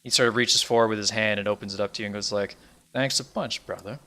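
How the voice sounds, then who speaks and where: A man as game master narrating a tabletop game in a loose, halting way with many fillers. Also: fairly low pitch, level tone, pushed and bright.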